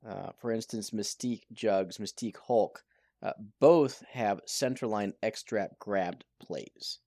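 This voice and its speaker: Rzeczowy współprowadzący, niski głos. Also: male voice, lowish voice, slow, warm tone, no echo, clean studio sound. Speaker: podcast co-host. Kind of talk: game strategy explanation.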